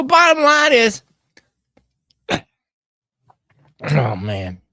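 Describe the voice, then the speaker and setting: A man's voice: high voice, wildly swooping pitch, normal speed, vocal fry, pauses often, pushed and bright, dry recording, clean studio sound. A man hosting an online show, giving casual, mocking commentary on news clips in a slangy, laughing manner.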